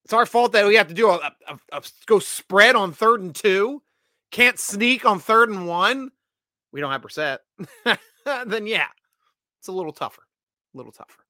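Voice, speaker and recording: High-voiced, bright, animated man hosting. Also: normal speed, long pauses, no room sound, clean studio sound. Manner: animated, laughs often, many restarts. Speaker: sports podcast host. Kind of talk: casual livestream chat reading comments.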